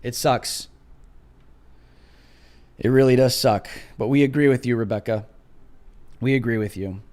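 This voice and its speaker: A man hosts a live political commentary stream, reading viewer donations while talking in an animated, repetitive, slangy, casual style. His voice is medium-pitched and a little fast.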